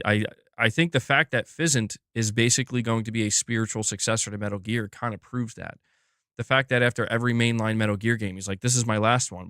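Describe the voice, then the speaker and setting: Young male streamer, loose rambling chat with the audience; lower register, recorded dry and close. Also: fairly bright tone, no room sound. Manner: rambling, restarts often, calls chat "dude" and "bro". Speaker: livestream host. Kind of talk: casual livestream chat.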